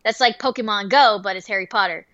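A woman co-hosting a podcast and telling a work story in an animated, profane way, full of fillers. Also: mid-range voice, quick pace, no echo. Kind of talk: casual storytelling. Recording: dull dry lo-fi sound.

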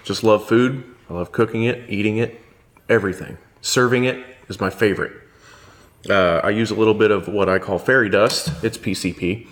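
A man in a party game, pitching himself with self-mocking jokes in an improvised interview. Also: steady tone, normal speed, a bit bright. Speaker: player pitching a job interview. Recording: reverberant room with light noise.

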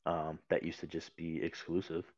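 A man's voice: deep voice, monotone, normal speed, dry recording, lo-fi sound. A man talking casually about video games on a podcast, rambling with many fillers and restarts. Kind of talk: casual chat.

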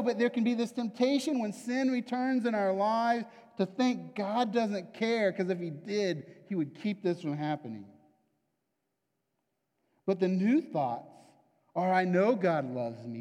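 A man's voice: sits high, unhurried, darkish tone. A man preaching a sermon in a conversational, confessional way, often checking in with the listeners. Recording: long hall reverb.

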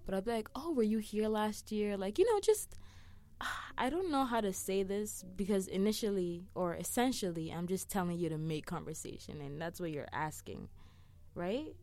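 A woman's voice: medium pitch, animated, normal speed, a little mellow. A young woman giving friendly advice in a chatty, rambling way, often laughing and sidetracking herself. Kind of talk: casual talk to camera.

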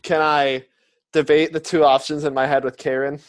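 A man's voice: a little high, level tone, normal speed. A man playing a tabletop game, tentative as he asks about rules. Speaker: player. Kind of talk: casual tabletop play.

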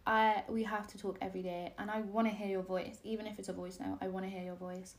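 A woman's voice: mid-range voice, flat delivery. A young woman co-hosting a podcast in casual chat, emphatic and outspoken. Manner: emphatic and outspoken, rapid bursts. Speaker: podcast co-host.

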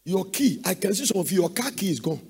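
A man from Ghana with a Ghanaian accent, preaching a sermon in a sing-song way that breaks into sudden shouts. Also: sits high, big pitch swings, fast, husky.

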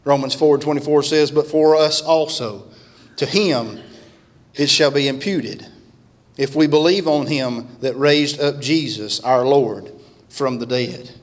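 A man's voice: mid-range voice, a little slow. A man preaching a revival sermon in a church, fervent and emphatic. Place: church sanctuary. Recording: long church-hall reverb.

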